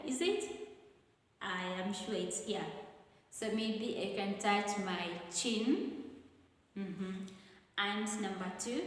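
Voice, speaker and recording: Slow-talking Kenyan woman teacher, echoey room. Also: medium pitch. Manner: slow, deliberate explaining with repetition. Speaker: English teacher. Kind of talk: exam revision lesson. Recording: very echoey room with long reverb.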